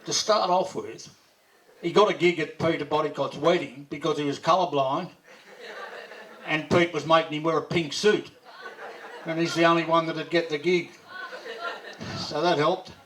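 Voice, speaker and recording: A man's voice: a little high, steady tone, moderate pace, pauses often, a bit bright, a little hiss or hum. A man at a memorial gathering, speaking in a joking, casual, off-the-cuff way. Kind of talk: memorial speech. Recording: voice distant from the mic.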